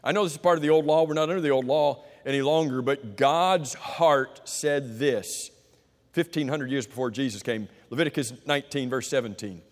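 A man preaching a sermon, asking the congregation rhetorical questions and swinging from loud emphasis to quiet, low delivery. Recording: long hall reverb.

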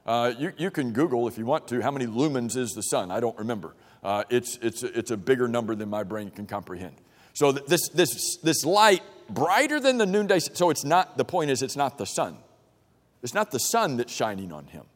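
A man's voice: medium pitch, big pitch swings, a little fast. A man teaching an interactive Bible class in a church room, reading verses and questioning the group in a casual, conversational way with frequent restarts. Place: church meeting room with a projector. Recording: long reverb of a large room.

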